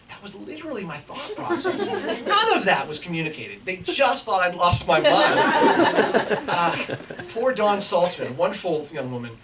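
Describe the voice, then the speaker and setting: Animated man telling a story from a distance. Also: high voice, moderate pace, over a noisy crowd. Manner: animated storyteller acting out other people's lines. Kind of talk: comic anecdote told to a live audience. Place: lecture hall with a live audience. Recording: distant mic with clear background noise.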